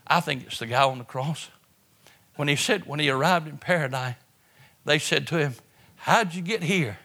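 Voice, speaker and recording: A pastor preaches a sermon to an audience in an auditorium at normal speed. His impassioned delivery swings between hushed, low phrases and loud outbursts, and he often repeats words and restarts phrases.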